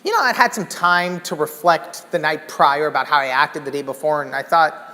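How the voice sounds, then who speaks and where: A man giving a keynote talk, telling a story with lively, acted-out exclamations. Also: a little high, moderate pace, big-room sound. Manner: animated, acts out scenes with loud exclamations. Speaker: keynote speaker. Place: large hall.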